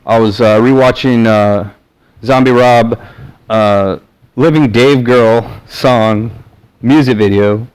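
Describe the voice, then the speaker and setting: A man's voice: medium pitch, slow pace, a little mellow, clean tone, poor audio. A man from the American South talking to camera in a rambling, casual monologue full of fillers and restarts. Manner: meandering, many fillers and restarts. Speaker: vlogger.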